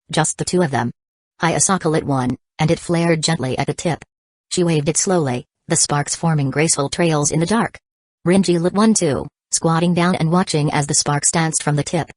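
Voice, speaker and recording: A woman narrating a novel as an audiobook, in an even, steady reading. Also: low-pitched, dry recording. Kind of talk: scripted narration.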